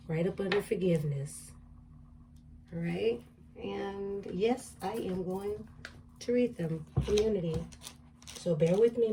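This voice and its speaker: Soft-toned woman doing a tarot reading. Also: medium pitch, far from the mic, slight background noise. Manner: musing, repeats card affirmations aloud. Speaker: tarot reader. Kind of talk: casual tarot reading to camera.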